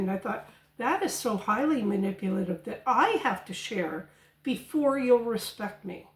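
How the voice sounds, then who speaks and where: A woman hosting a spiritual channel, telling a personal story in an indignant, emphatic way and mimicking the people she quotes. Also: a little high. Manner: indignant, quotes others in mock voices. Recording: echoey room.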